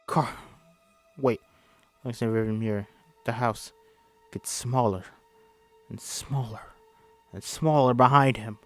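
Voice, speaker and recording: A man's voice: medium pitch, a little slow, long pauses, fairly bright tone, faint music behind. A man reading a film script aloud in a casual way, often stumbling, correcting himself, and apologizing. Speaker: script reader.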